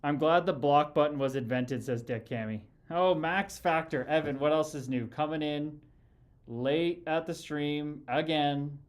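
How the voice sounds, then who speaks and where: A man hosting a casual livestream, reading viewer comments and arguing bluntly with a critic, calling people "brother" often. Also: on the high side. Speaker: livestream host.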